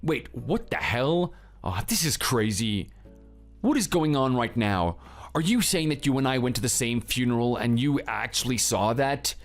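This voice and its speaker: A man's voice: mid-range voice, animated, normal speed, soft background music, lightly acted. A man voicing a husband named Theo in a scripted drama, curt and defensive with his wife. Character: grieving, cold husband Theo.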